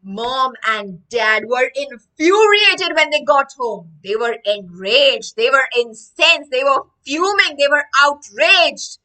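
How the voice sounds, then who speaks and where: A woman's voice: sits high, animated, slow pace, few pauses, pushed and bright, recorded from a distance, low-quality recording. A woman teaching English vocabulary through a story, explaining each line after she reads it.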